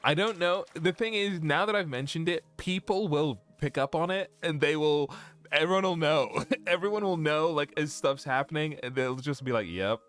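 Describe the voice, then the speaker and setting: A man's voice: fairly high pitch, normal speed, fairly bright tone. A young man chatting casually on a live stream while he plays, rambling and breaking into giggles. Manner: giggly, keeps breaking into laughter; rambling, self-interrupting. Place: home room.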